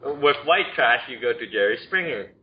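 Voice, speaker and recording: Podcast co-host, relaxed everyday man, casual movie talk, dull recording with faint noise. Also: mid-range voice, normal speed. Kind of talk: casual movie-review chat.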